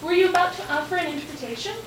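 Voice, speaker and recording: A woman's voice: very high-pitched, rapid-fire. A woman on stage playing an eccentric male Russian author who hears voices, with a theatrical, wordy, teasing manner. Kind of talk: amateur stage acting. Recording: echoey hall from far off, loud noise.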